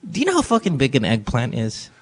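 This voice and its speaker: A man's voice: medium pitch, huge pitch swings, fast talker, breathy edge. A man co-hosting a late-night advice show, joking crudely and swearing freely. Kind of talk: casual, profane banter.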